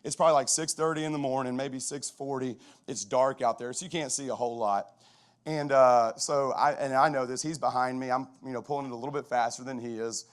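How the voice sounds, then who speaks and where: A middle-aged man, a football coach, giving a conversational storytelling talk at a chapel, lively and full of restarts. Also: medium pitch, brisk.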